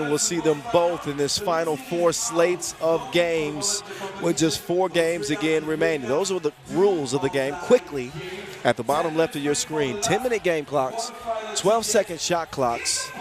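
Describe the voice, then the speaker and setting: A man with a Midwest American accent, calling a basketball game as the play-by-play commentator in a loud, energetic delivery. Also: a little high. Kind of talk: sports commentary. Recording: arena music playing behind.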